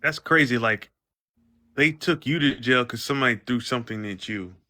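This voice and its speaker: A man's voice: mid-range voice, normal speed, bright, forceful tone, no room sound. A man chatting casually on a live stream in a laid-back, slangy way.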